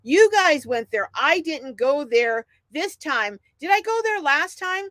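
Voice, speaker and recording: Chatty middle-aged lady doing a live stream, highish voice, real dry close sound. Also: unhurried, no echo. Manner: chatty, animated, laughs often. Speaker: livestream host reading chat. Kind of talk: casual livestream chat.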